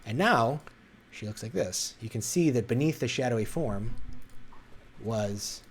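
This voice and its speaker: A man's voice: mid-range voice, expressive, measured pace, a little hiss or hum. A man narrating a tabletop role-playing game as game master, describing scenes with frequent fillers and restarts.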